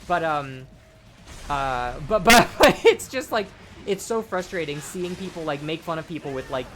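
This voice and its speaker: A man's voice: a little high, animated, normal speed, a bit bright, faint music behind. A tipsy young man rambling and swearing as he commentates his own gameplay. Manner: rambling, heavy swearing, frequent restarts.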